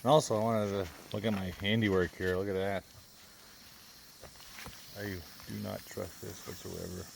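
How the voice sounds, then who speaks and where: Gravelly-voiced man chatting outdoors. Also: low voice, little pitch movement, normal speed, pauses often. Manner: chatty, easygoing, laughs often. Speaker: vlogger. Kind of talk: casual outdoor vlog narration. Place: outdoors at a lakeside campsite. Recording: faint outdoor background noise.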